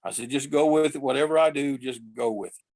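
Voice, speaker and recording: A man's voice: medium pitch, fast, no echo. Man with a drawl spinning yarns. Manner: lively, acts out quoted voices. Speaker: podcast guest telling road stories. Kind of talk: casual storytelling.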